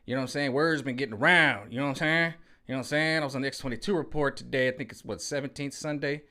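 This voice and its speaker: A man's voice: mid-range voice, very fast, pushed and bright. Slangy rambling man ranting at home. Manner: rambling, slangy, repeats "you know what I'm saying". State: sweating in the heat. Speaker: vlogger. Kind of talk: casual political rant. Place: hot room at home.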